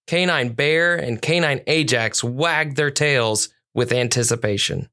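A storyteller narrating a children's police story at a measured, clear pace. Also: medium pitch, bright, forceful tone.

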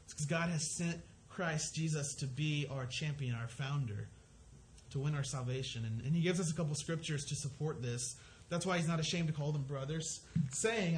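The pastor's voice is a little high and moves at normal speed, with some slight background noise. His sermon is earnest and conversational as he walks through a scripture passage, often restarting his sentences.

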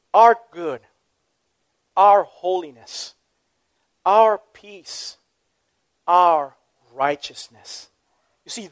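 A man preaching a sermon as a pastor, telling a story in an earnest, emphatic way. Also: sits high.

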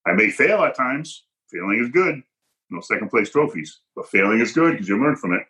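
A man tells a personal story as a podcast guest, hitting his points hard and acting out the voices of people he quotes. His voice sits a little low and has a bright, forceful edge. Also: big pitch swings, normal speed, poor audio. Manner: emphatic, punchy, acts out quoted dialogue.

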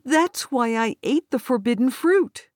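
A woman's voice: high voice, expressive, unhurried, dry recording, studio quality, pitched above the performer's own voice. A woman voicing Eve, a frightened first woman who sobs as she shifts the blame, in a storybook reading. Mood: tearful. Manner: sobbing, blaming.

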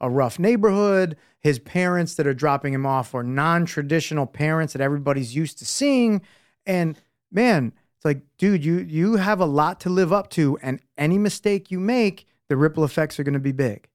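Earnest storytelling dad, slightly high voice. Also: male voice, animated, normal speed, dry recording, clean studio sound. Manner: earnest storytelling, acts out quotes. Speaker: podcast co-host, father. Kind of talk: casual podcast chat.

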